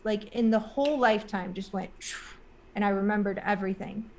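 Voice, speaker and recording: A woman's voice: medium pitch, steady tone, a little fast, darkish tone, a little hiss or hum. Rambling woman telling a story. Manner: rambling, full of "like" and "um" fillers; earnest, emotional retelling. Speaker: interview guest. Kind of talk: casual spoken storytelling.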